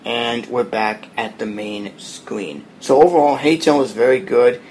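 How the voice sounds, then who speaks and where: A man hosting a podcast, walking listeners through an app in a relaxed, plain explaining tone. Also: mid-range voice, unhurried, slight background noise. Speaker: podcast host demoing an app. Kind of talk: casual spoken app walkthrough.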